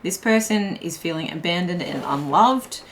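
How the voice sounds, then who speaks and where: Chatty woman tarot reader, lowish voice. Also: animated, normal speed, background noise. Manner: chatty, filler-heavy, frequent laughs. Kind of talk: casual tarot reading monologue.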